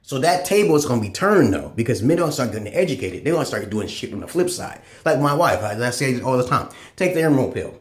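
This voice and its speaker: A man delivering a profane, rambling monologue as a channel host, swinging between loud high bursts and low mutters. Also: very animated, fast, hardly any pauses. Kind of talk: ranting monologue. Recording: echoey room.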